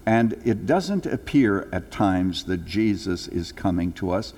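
An older man preaching a sermon to his congregation, telling stories earnestly, rising for emphasis and then dropping low and slow. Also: expressive, a little mellow. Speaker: pastor. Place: church sanctuary. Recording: long hall reverb.

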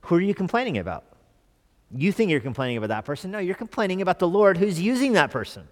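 A man's voice: high-pitched, sing-song, quick pace. Man preaching a conversational sermon in a reverberant church. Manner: conversational, asks the congregation questions. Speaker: pastor.

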